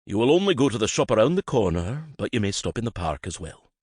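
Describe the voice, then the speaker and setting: A man voicing a gruff, grumpy middle-aged father who growls his curt replies. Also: lowish voice, sing-song, fast talker, a little mellow, no echo, studio quality, pitched above the performer's own voice. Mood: firm.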